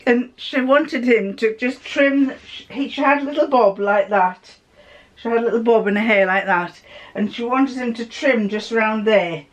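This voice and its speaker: A woman's voice: on the high side, fairly bright tone. An older woman chatting casually in a giggly, storytelling way as she vlogs from a car. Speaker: vlogger. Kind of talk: casual vlog chat.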